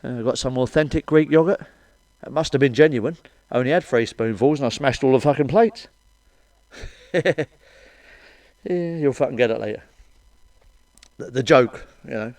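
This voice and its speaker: A middle-aged man telling crude stand-up jokes with blunt, sweary, deadpan asides. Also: mid-range voice, no room sound. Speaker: stand-up comedian. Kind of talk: crude stand-up one-liners.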